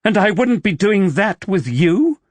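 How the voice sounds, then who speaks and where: A woman's voice: medium pitch, big pitch swings, a little slow, a little mellow, dry recording, pitched above the performer's own voice. A man voicing a proud, wary young widow who works as a paid companion, speaking tensely and defensively in an audiobook.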